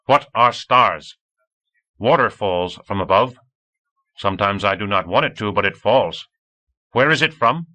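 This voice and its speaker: A man reading an audiobook, voicing a strange boy raised by aliens who asks excited, childlike questions. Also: on the low side, measured pace, pauses often. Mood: eager.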